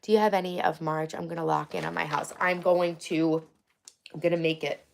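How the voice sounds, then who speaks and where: Teary woman streamer, gravelly low voice. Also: steady tone, brisk, a little hiss or hum. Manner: candid, rambling, reads viewer comments aloud. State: teary, crying on and off. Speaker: livestream host. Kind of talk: casual livestream chat.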